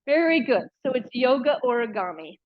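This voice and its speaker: A woman's voice: fairly high pitch, sing-song, normal speed, no room sound, muffled recording. A woman leading a live yoga class, chatty and encouraging, with playful asides. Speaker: yoga teacher.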